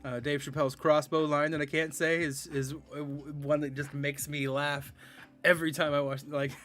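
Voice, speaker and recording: A man's voice: fairly high pitch, little pitch movement, normal speed, fairly bright tone, faint music behind. A man in his thirties chatting casually while streaming a game, rambling, sarcastic and laughing often. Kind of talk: casual live-stream chat.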